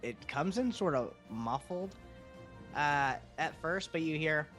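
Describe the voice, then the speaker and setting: A man narrating as game master, quick and casual, swearing and laughing. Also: on the high side, expressive, fairly bright tone, faint music behind.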